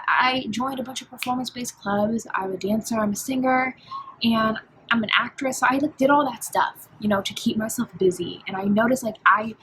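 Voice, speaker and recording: A woman's voice: medium pitch, fairly bright tone, a little hiss or hum, rough recording. A young woman in her twenties speaks to camera in a casual confessional vlog, filming in her dorm room. Her delivery is candid and emotional, peppered with "like" and "um". Her voice sits in a middle register. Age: 20s. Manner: candid, emotional, lots of fillers like "like" and "um". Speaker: college student vlogger.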